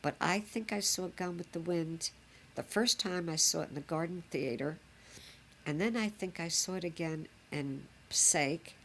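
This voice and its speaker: An older woman, a grandmother, reminisces fondly in a home recording, chatty and rambling with plenty of fillers. Her voice is lowish and her pace normal, with slight background noise.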